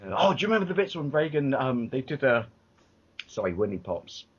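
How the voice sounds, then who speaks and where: An English man co-hosting a casual podcast chat, telling rambling animated stories with lots of restarts and swearing. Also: medium pitch, fairly quick, slightly rough. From England. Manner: rambling, animated storytelling with many restarts and profanity. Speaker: podcast co-host. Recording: dull lo-fi podcast audio.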